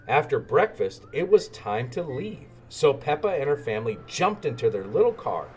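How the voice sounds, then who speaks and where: Expressive man reading a children's story. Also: mid-range voice, normal speed, few pauses, soft background music. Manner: expressive, sing-song. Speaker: narrator. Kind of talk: children's storybook read-aloud.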